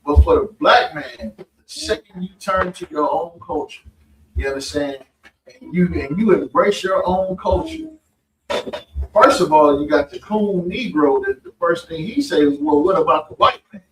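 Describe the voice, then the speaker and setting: A man with a high voice tells stories at a religious meeting in a blunt, profane, conversational way. He is recorded from across an echoey room. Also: very animated, measured pace, a little hiss or hum. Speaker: speaker at a religious study meeting. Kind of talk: informal preaching and storytelling. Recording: echoey room, mic far off.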